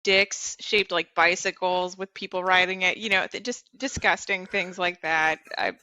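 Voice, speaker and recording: A woman's voice: fairly low pitch, fairly even intonation, moderate pace, sharp tone, clean tone, no room sound. A woman co-hosting a casual sports podcast, wry and blunt, laughing through her remarks. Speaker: podcast co-host.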